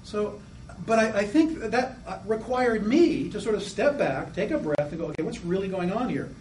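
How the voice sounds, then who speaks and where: A man lecturing to a class, animated and acting out the voices of children as he explains. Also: high-pitched, normal speed, a little hiss or hum. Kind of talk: lecture on psychoanalytic theory. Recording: echoey room, mic at a distance.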